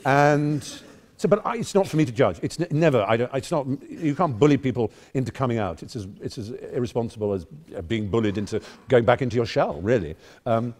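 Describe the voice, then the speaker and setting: Brisk and expressive, with a medium-pitched, slightly mellow voice, this Englishman in his fifties addresses a debating society as a guest speaker. His speech, delivered in an English accent, is learned, wry and full of digressions.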